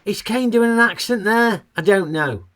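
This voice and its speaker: A man's voice: high-pitched, moderate pace, a bit bright. A man narrating a comic film review in a cheeky, sarcastic, colloquial way.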